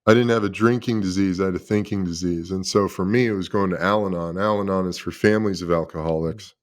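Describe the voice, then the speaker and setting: A man's voice: low-pitched, fairly even intonation, fast talker. A man in his thirties, a former pro football player, tells his personal story as a guest in an emotional, confessional way and swears freely.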